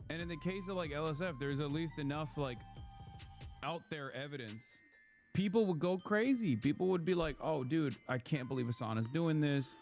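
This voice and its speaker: A man talks slowly through stream commentary, trailing off and restarting as he goes. His pitch is ordinary for a man, and faint music plays beneath him. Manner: slow, meandering, halting.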